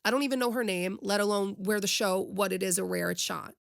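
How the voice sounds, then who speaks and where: A woman's voice: medium pitch, a little fast, creaky, dry recording, studio quality. A young woman hosting her own podcast, giving passionate opinionated commentary and speaking straight to her listeners. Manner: impassioned, preachy, addresses listeners directly. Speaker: podcast host.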